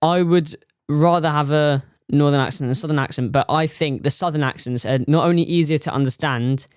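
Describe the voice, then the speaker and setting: A teenage boy co-hosts a casual debate podcast, halting and hesitant as he works through his points. His voice sits a little high. The sound is dry and close. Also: clear, resonant tone, no echo. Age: teen. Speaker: podcast co-host, son.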